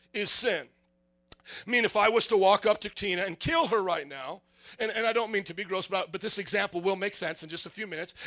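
A man's voice: high voice, bright, forceful tone. A man preaching a sermon, firing rhetorical questions and acting out little dialogues.

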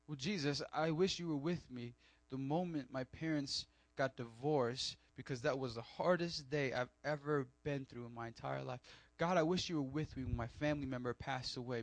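A man preaching a sermon, animated with joking asides and loud emphatic peaks. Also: a little high, no room sound. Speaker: pastor.

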